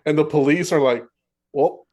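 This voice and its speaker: A man's voice: medium pitch, brisk, a little mellow. A young man co-hosting a podcast, telling a clip story in a rambling, easygoing way. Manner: rambling, restarts a lot, laughs along. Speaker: podcast co-host. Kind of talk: casual podcast chat.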